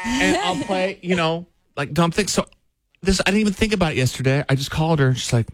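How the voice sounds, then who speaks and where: A man's voice: a little high, a little fast, noisy background. Radio host man telling a story. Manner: self-mocking, animated storyteller. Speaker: radio morning show host. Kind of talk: casual on-air storytelling. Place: radio studio.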